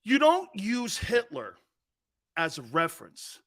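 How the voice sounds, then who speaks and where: A man from the Northeastern US hosting a sports talk show, telling profane, animated stories and laughing at his own jokes. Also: on the high side, a little slow, long pauses.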